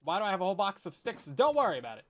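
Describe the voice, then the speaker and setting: A man with a slightly higher-than-usual voice chats his way through a gaming stream. He rambles through jokey, self-deprecating asides to his viewers and laughs a lot. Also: very animated, racing. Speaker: Minecraft streamer. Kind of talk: casual let's-play chat with viewers.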